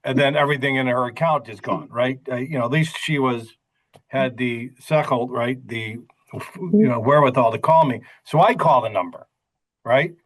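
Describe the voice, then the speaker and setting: A middle-aged man hosting an interview podcast, telling stories in an animated, emphatic way with frequent asides. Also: medium pitch, moderate pace, rough recording. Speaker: podcast host. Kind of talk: conversational interview.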